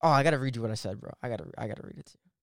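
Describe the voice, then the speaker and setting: Smooth-voiced casual podcast host, man. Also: mid-range voice, very fast, dry recording, clean studio sound. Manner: animated storyteller, swears casually.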